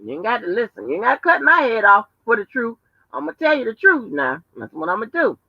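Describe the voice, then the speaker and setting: A woman's voice: on the high side, very animated, quick pace, vocal fry, dry recording. A woman hosting a casual livestream from home, talking in a profane, emphatic, storytelling way. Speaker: livestream host. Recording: dull lo-fi livestream audio.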